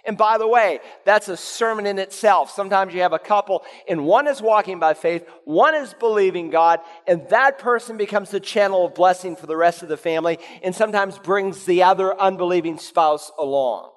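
Pastor guy preaching, pretty high voice, big echoey church sound. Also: normal speed, hardly any pauses. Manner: animated preaching, acting out quoted voices. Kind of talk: sermon. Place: church sanctuary. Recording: long hall reverb.

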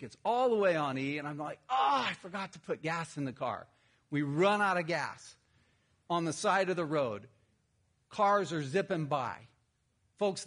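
Delivering a sermon, this pastor from Texas pokes fun at himself through a humorous personal anecdote before speaking directly to his congregation. His voice is high-pitched with a fairly bright tone.

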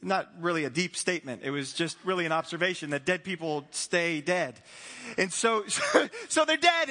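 A male pastor with a high, bright voice, preaching to his congregation in an animated storytelling manner. He drops playful asides and acts out the people in the story. His voice rings out with a long echo through a large church hall. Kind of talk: sermon.

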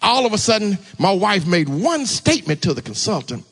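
High, bright-voiced preacher man. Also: a little fast, breathy edge. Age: adult, married. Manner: call-and-response, urging the congregation to answer; animated storytelling with sudden shouts. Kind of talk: sermon testimony.

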